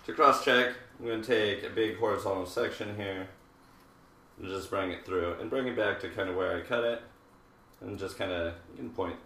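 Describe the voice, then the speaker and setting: Man in his 30s, rambling live-stream chat, forceful bright tone, slightly low voice, echoey room, mic set back. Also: slight background noise. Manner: rambling and jokey, with many fillers and asides. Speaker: hairdresser hosting a live haircutting show. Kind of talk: casual live-stream chat while demonstrating a haircut. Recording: roomy, distant live-stream audio.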